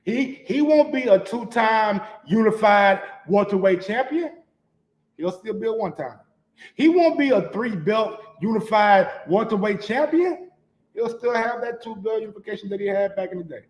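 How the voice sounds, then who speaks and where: A man hosting a sports commentary show, ranting casually with lots of profanity and swinging between low mutters and loud shouts, in a manner. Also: animated, normal speed, roomy sound.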